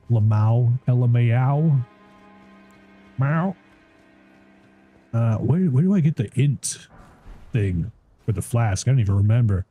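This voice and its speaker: A man with a warm, mid-range voice that has a breathy edge streams a game live. His casual gameplay chat rambles along, full of frequent swearing and laughter.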